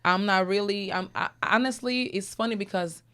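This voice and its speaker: A woman's voice: mid-range voice, normal speed, pushed and bright, clear, resonant tone. A young adult woman hosting a talk show, telling a personal story in a candid, emotional way. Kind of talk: casual chat.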